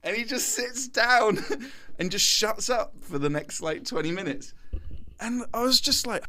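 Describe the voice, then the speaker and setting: A man's voice: high-pitched, measured pace, bright, forceful tone. A man in his thirties, a podcast guest, telling a story casually and animatedly, laughing often.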